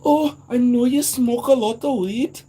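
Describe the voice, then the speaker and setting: A man voicing a kindly woman angel at heaven's gates in a sweet, high falsetto. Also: unhurried, warm tone, slightly rough, heavily acted.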